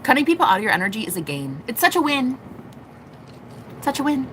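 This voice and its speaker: A young woman giving a live tarot reading, animated and profane, acting out quoted voices. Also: sits high, fairly quick, pauses often, a little hiss or hum. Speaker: tarot reader.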